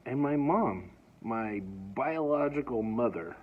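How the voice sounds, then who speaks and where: A man's voice: mid-range voice, lively intonation, takes it slowly. A man telling a personal story in a casual, rambling way, often stammering and restarting. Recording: dull lo-fi recording.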